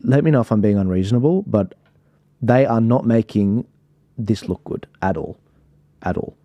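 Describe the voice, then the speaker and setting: A man's voice: fairly low pitch, animated, normal speed, no room sound, highs cut off. A man hosting a livestream, commenting live with exasperated sighs and apologies to his viewers. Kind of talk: live commentary over stream.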